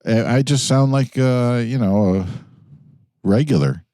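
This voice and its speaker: A man from New York co-hosting a crude podcast from a car, talking in a hesitant, halting way with wry humor. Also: mid-range voice, lively intonation, warm tone, dry recording. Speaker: podcast co-host. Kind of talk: crude casual banter. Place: inside a car.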